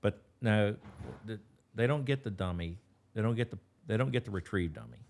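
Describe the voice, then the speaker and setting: A man's voice: lowish voice, normal speed, a little mellow. A man with an Appalachian accent, a dog trainer talking as an interview guest in a folksy, rambling way with many restarts. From West Virginia. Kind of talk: casual interview talk.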